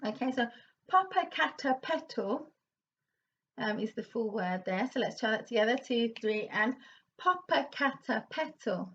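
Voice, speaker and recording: A woman vocal coach leading a warm-up lesson, counting in and demonstrating exercises with encouraging remarks. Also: on the high side, fairly quick, few pauses, lo-fi sound.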